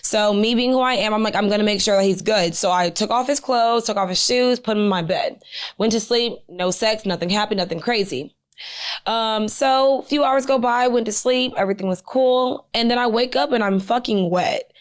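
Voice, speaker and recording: A young woman co-hosting a podcast, telling a story in casual chat, animated and profane, full of "like" and "I'm like.". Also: fairly high pitch, moderate pace. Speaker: podcast co-host.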